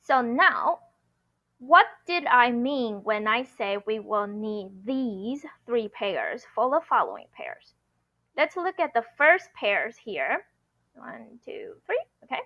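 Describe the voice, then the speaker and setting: Slow, lively woman teaching pronunciation. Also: a little high, dull audio. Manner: patient, repeats sounds slowly, checks with "okay?". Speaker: Mandarin teacher. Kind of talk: online pronunciation lesson.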